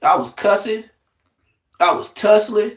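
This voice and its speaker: A man hosting a livestream, giving blunt, profane, trash-talking commentary in an excitable way. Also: high voice, unhurried. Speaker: livestream host.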